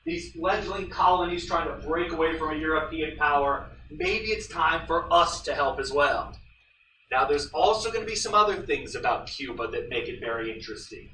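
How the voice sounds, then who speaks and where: A man's voice: a little high, moderate pace, roomy sound, far from the mic, a little hiss or hum, poor audio. A male history teacher lecturing his class, telling stories and acting out the voices he quotes. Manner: animated storyteller, acts out quoted voices. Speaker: high school history teacher.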